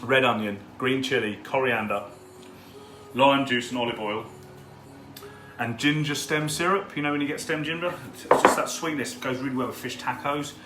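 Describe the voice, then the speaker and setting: Music plays in the background as a man hosts a live cooking session from home, greeting viewers by name and chatting easily over the stove. His voice is mid-range with a steady tone and normal speed, recorded in an echoey kitchen where food sizzles in the pan.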